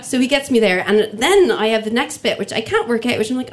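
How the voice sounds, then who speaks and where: A woman telling a funny personal story to an audience, lively and acting out the voices of people in it. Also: on the high side, fairly quick, hardly any pauses. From Ireland. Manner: lively comic delivery, acts out quoted voices.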